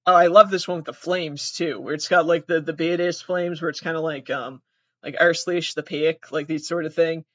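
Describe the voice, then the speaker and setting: Steady in tone and moderate in pace, this young comedian vlogger's medium-pitched, fairly bright voice wanders through a casual ramble full of swearing and frequent giggles. No external mic was used; the built-in device mic yields a dry, dull, lo-fi recording.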